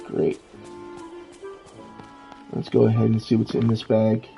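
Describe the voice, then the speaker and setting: Gravelly, dark-voiced male game streamer. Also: fairly low pitch, slow, soft background music, rough recording. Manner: relaxed, narrates his moves and chats to viewers. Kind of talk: casual live game commentary.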